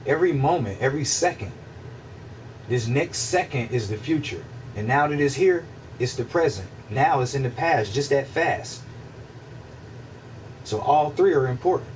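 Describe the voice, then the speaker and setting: A man talks through a loose, profane philosophical ramble, circling back on his points and checking whether his listeners follow. His voice sits at an ordinary middle pitch. It sounds a bit distant from the mic, with a faint air-conditioner hum in the room. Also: expressive, moderate pace, long pauses, a little mellow. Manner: rambling, profane, repeats himself, asks listeners if they follow. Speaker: livestream host answering chat. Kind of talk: casual philosophical monologue.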